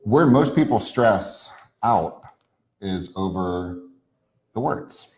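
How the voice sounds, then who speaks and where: A man with a very low voice co-hosts a casual podcast. He coaches his listeners, stringing points and questions together in long run-on lists. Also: expressive, slow, a little mellow, poor audio. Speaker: podcast co-host. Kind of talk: casual chat.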